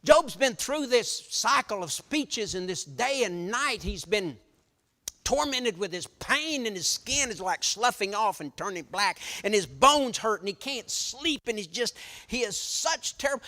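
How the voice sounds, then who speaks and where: A preacher, giving a folksy sermon that tells stories and restarts often. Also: male voice, high-pitched. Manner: animated storytelling, folksy, frequent restarts. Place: church hall. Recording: echoey hall reverb.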